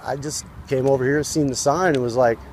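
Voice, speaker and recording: A man's voice: medium pitch, steady tone, a little fast, a little mellow, slight background noise. A man in a heated street argument with protesters, profane, rambling and combative, recorded outdoors. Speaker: passerby arguing with protesters.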